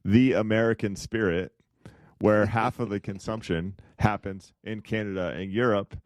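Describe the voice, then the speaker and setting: A man's voice: fairly low pitch, steady tone, normal speed, a little mellow, no echo, studio quality. A man co-hosting a podcast, chatting casually and a little ramblingly about investing, with an occasional chuckle. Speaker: podcast co-host.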